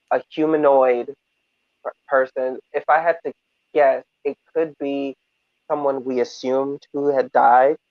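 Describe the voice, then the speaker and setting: A man talks in a casual review discussion, animated and full of fillers, at a middling pitch. His voice comes through a tinny, phone-like line. The sound is dry, with no room echo. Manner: animated, hesitant with many fillers. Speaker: podcast co-host.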